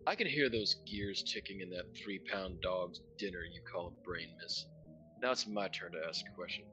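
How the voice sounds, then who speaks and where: A man's voice: sits low, moderate pace, pushed and bright, faint music behind, pitched below the performer's own voice. A man voicing a sinister, theatrical clown showman who calls himself a Duke of Hell, mocking and threatening. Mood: menacing.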